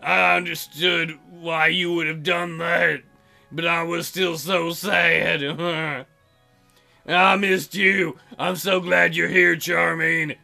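A man's voice: fairly high pitch, flat delivery, slow pace, vocal fry, bright, forceful tone, soft background music, full character voice. A man voicing a clingy, tearful young prince in a visual novel game, reading his lines in a pleading, emotional way.

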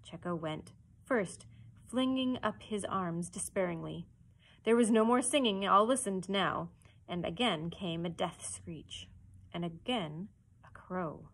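A woman librarian reading a children's chapter book aloud with expressive storytelling narration. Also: lowish voice, unhurried.

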